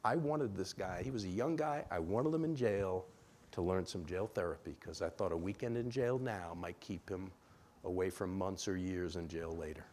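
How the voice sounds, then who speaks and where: A man from Rhode Island giving a relationship seminar in a church, animated and acting out bits of dialogue. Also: normal speed, slight background noise. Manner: animated, acts out dialogue with sudden pitch jumps. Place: church sanctuary.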